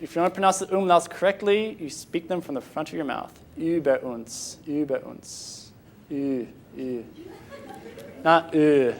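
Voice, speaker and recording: A young American man from Michigan giving an informal Sunday school talk, halting and often restarting his sentences before taking questions. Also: high-pitched, slight background noise. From Michigan, USA.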